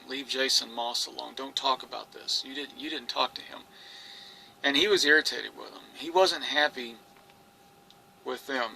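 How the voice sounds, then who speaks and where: A man's voice: medium pitch, vocal fry, sharp tone, slight background noise, poor audio. A man telling his own story in an earnest, rambling monologue, restarting phrases and quoting others. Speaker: experiencer recounting his story. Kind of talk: personal monologue to camera.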